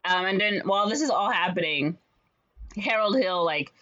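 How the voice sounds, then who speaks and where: A woman casually retelling a story's plot in a rambling way, full of fillers and quick quoted voices. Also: medium pitch, animated, pushed and bright. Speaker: podcast co-host retelling a musical's plot. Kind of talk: casual chat. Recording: slightly dull lo-fi audio.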